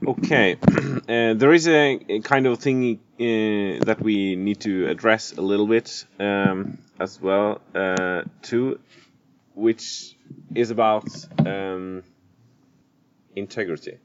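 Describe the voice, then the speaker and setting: Hesitant low-voiced man from Norway. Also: steady tone, takes it slowly. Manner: hesitant, with many fillers. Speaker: interviewer. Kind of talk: interview. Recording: muffled lo-fi audio with noise.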